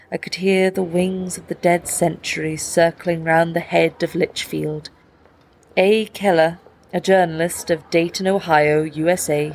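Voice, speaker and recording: Low-voiced woman narrating an audiobook. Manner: measured, descriptive. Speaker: audiobook reader.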